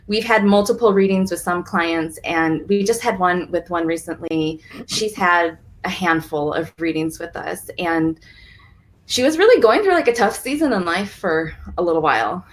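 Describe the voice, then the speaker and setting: A woman guest talking enthusiastically about her readings and her clients in a casual chat. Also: on the low side. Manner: gushing, enthusiastic, many fillers. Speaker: guest, reader. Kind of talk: casual conversation.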